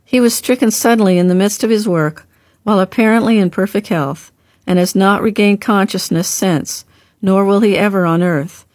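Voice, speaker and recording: A woman reading the part of a gentle older brother in an audiobook, speaking calmly and softly. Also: high-pitched, normal speed, no room sound, clean studio sound, natural voice. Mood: soothing. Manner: gentle, calm, softly reassuring. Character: gentle grown man, a caring older brother.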